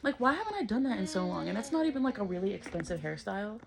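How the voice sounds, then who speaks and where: A woman's voice: mid-range voice, very animated, very fast, creaky. Chatty, blunt young woman vlogger. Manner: chatty, blunt, swears freely, lots of "like". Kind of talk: casual vlog chat to camera.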